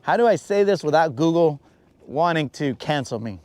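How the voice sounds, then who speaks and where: Guy telling a goofy story on his bass fishing stream, kinda high voice, pitches up for quotes, dry sound. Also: animated, moderate pace, a little mellow, dry recording. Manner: rambling anecdotes, acts out quotes in a higher voice. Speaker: fishing livestream host. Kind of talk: casual storytelling while fishing. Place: out on a lake, on a boat.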